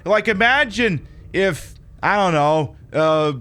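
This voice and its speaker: A man talks over his gameplay stream in a loose, rambling way, piling on fillers as he airs his opinions. His voice sits a little higher than most men's. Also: expressive, slow pace, pushed and bright. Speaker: livestreamer. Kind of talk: casual gameplay commentary.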